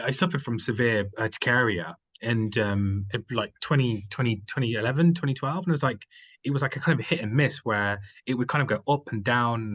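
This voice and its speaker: Husky man chatting in long rambling stories. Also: medium pitch, fairly bright tone, poor audio. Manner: rambling, many fillers and restarts. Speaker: guest, company founder. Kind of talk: casual conversational storytelling.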